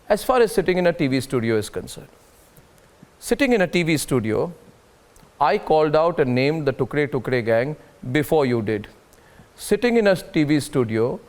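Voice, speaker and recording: An Indian-accented man anchors a heated studio debate, his voice sitting fairly high. He speaks with insistent emphasis, circling back to the same phrase to drive each point home. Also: a little mellow.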